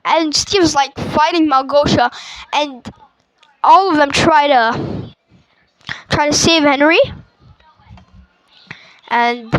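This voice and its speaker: A woman's voice: sits high, takes it slowly, pauses often, fairly bright tone, dry recording, low-quality recording. A woman casually retelling a movie plot, rambling with fillers and restarts.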